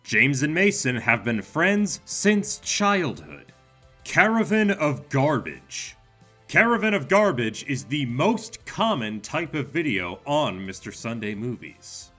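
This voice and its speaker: Lively wry man narrating. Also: mid-range voice, slow pace, soft background music. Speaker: iceberg video narrator. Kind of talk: scripted narration.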